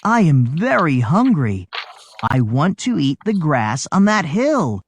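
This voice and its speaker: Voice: mid-range voice, sing-song, slow pace, a little hiss or hum. A storybook reader voicing a timid, middle-sized male billy goat who pleads nervously. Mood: plain.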